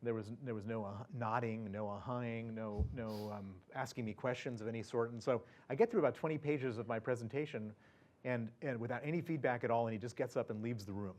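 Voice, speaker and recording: A man's voice: medium pitch, fairly quick, darkish tone. Man telling a story with many restarts. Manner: chatty, many fillers and restarts, chuckling. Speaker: guest speaker. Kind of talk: anecdotal storytelling to an audience.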